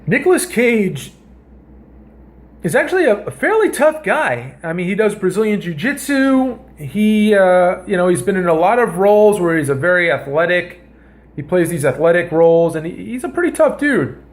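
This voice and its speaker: A man hosting a comedy vlog, telling a story in a rambling, animated way and often cutting himself off mid-sentence. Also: high-pitched, normal speed. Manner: rambling, animated, self-interrupting. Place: home kitchen.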